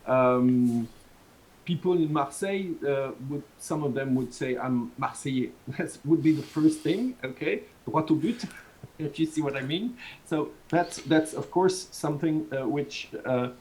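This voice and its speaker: Man, Southern French accent, French native, lecturing on a video call, somewhat high voice. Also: a little slow, darkish tone, low-quality recording. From Southern France. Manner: rambling, many restarts, chuckles between points. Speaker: university lecturer. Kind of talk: online class lecture.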